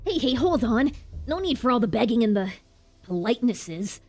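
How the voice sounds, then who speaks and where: A woman's voice: fairly high pitch, sing-song, normal speed, mellow, pitched above the performer's own voice. A woman voicing a cheeky young boy who teases and taunts in a childish, mocking way. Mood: taunting. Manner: mocking, playful, childish questions.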